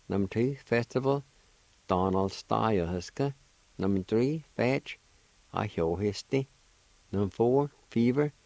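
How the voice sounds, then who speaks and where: Low slow man teaching pronunciation on the radio, careful repeats, dry close sound. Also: dark tone, no echo, low-quality recording. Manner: careful, deliberate, repeats syllables slowly. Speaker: radio host teaching Cherokee words. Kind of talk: slow spelling and pronunciation lesson.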